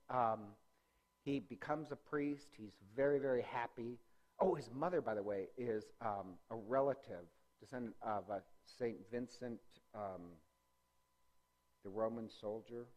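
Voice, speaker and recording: A man's voice: medium pitch, unhurried, a little mellow. Man giving a rambling church-history talk. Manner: rambling, many ums and self-corrections; conversational with jokes. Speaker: parish religious-education teacher. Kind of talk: informal lecture with slides.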